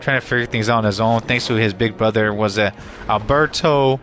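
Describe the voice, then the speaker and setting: Man, gaming streamer, headset mic, bright sharp voice, rambling casual chat, swears a lot. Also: fairly low pitch, brisk, faint music behind. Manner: rambling, self-correcting, swears and laughs often. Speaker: gaming livestreamer. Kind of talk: casual live commentary, chatting with viewers.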